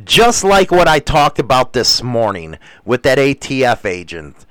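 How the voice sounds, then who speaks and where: Dude streaming, crude and swearing a lot, slow rambly talk, bouncy high-ish voice. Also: male voice, sing-song, a bit bright, dry recording. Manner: profane, rambling, crude jokes. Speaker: livestream host reading chat. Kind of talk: casual crude livestream commentary.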